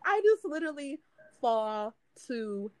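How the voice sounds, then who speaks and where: A woman in her twenties casually telling a party story, animated and laughing, acting out what people said in a higher voice. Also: a little slow, no echo. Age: 20s.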